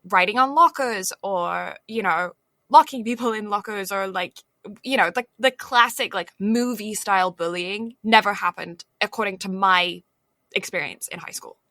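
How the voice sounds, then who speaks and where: A woman co-hosts a podcast in easy, rambling conversation, full of filler words. Her voice is bright and forward. The sound is dry and close, with no room around it. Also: mid-range voice, moderate pace, no echo. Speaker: podcast co-host. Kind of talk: casual chat.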